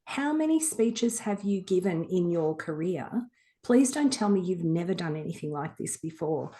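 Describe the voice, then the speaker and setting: A woman's voice: lowish voice, sing-song, normal speed, dark tone. A woman putting on her female assistant, who chides her with amused disbelief. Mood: amused, chiding. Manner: incredulous, chiding.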